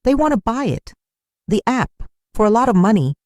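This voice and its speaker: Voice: medium pitch, sing-song, fairly quick, a little mellow, no room sound, clean studio sound, voice pushed up, lightly acted. A narrator voicing an earnest young woman app founder who speaks in a searching, sincere way.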